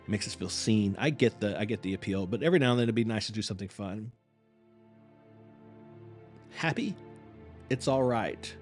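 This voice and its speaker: A man's voice: lowish voice, fast, few pauses, darkish tone, soft background music. A man hosting a live reaction stream, chatting casually with viewers in a rambling, apologetic and self-mocking way.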